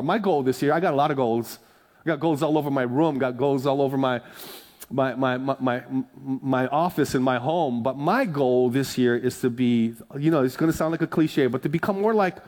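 A man preaches a sermon in a church, speaking in a conversational, emphatic way and often repeating his points. His voice sits somewhat high for a man. A long reverb trails after his words. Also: a little mellow. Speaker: pastor.

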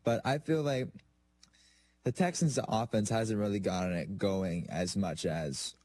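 A young man co-hosting a casual football chat, talking in halting bursts. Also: lowish voice, a little mellow. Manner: hesitant, halting. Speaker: co-host.

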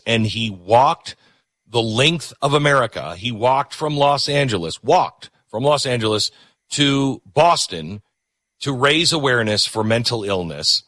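A man hosting a show and commenting between clips in an animated way. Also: fairly low pitch, no room sound. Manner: animated, talks over clips. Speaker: host.

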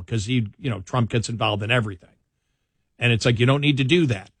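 A man's voice: medium pitch, a little fast, fairly bright tone, breathy edge, dry recording. A man co-hosting a talk show, speaking in an emphatic conversational style and often circling back to repeat his point. His voice sits in a middle register. The sound is dry, with no room around it. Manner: emphatic, repeats himself, frequent restarts. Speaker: co-host of political talk show. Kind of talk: conversational political commentary.

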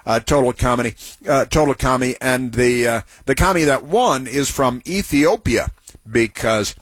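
A man's voice: mid-range voice, measured pace, slightly rough, no room sound. A man hosting a talk radio show, telling stories in a rambling way with many restarts and giving blunt opinions.

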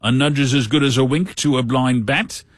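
A man's voice: mid-range voice, steady tone, normal speed, no room sound, clean studio sound, close to an everyday voice. Man imitating a leering British sketch comic, sly, insinuating, timbre unlike his own. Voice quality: nudging, insinuating delivery.

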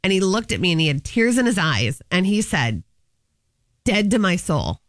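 A woman's voice: fairly low pitch, sing-song, normal speed, no room sound. Woman, co-host, chatty, laughs often, dry recording. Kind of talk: casual chat.

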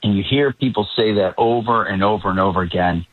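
A man with a faint Boston accent calling in as a regular panelist, dry and joking, pausing with fillers. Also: on the low side, dry recording. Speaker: political reporter, regular panelist. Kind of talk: remote call-in commentary. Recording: tinny phone line.

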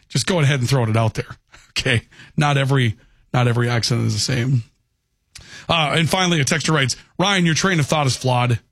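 A man's voice: mid-range voice, a bit bright, no room sound. A male talk radio host who gives his opinion with emphasis and keeps asking "okay?". The studio sound is dry and close, with no room around the voice. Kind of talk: talk radio monologue reading texts.

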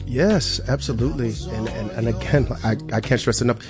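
A man's voice: mid-range voice, a little fast. Man, musician guest, casual interview chat, loose and talkative, lots of fillers, faint music behind.

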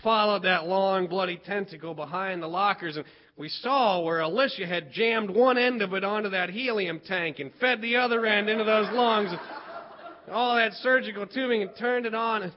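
A man with a very high voice performs a story with lively, dramatic build-ups. He breaks into shouts at the tense moments. The recording sounds dull and lo-fi. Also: normal speed.

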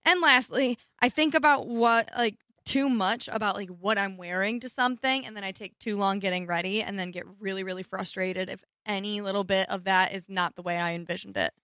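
A woman's voice: medium pitch, a little fast, hardly any pauses, no room sound, clean studio sound. A young woman co-hosting a radio talk show, chatting casually and poking fun at herself. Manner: animated, self-deprecating, slips into voices.

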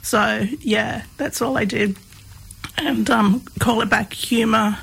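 Interview guest: woman, gravelly and husky, candid storyteller with a self-mocking edge. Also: fairly high pitch, fairly even intonation, takes it slowly, a bit bright, low-quality recording. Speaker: guest, doctoral researcher. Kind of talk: casual storytelling.

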